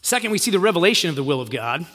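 A man's voice: on the high side, very animated, very fast, a bit bright. A man preaching a sermon, telling a story and acting out the quoted lines in a casual voice. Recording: long hall reverb.

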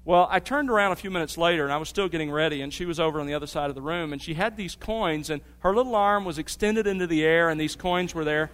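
A man's voice: on the high side, quick pace, hardly any pauses, a bit bright. A middle-aged man preaching a sermon, teaching earnestly and telling family stories. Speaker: pastor. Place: church sanctuary. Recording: long reverb of a church hall.

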